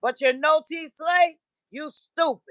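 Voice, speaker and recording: A woman doing a mocking impression of a petty, aggrieved man who complains in a high, loud, drawn-out voice. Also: lively intonation, no echo, exaggerated voice. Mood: aggrieved whining. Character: whiny indignant grown man, petty and aggrieved.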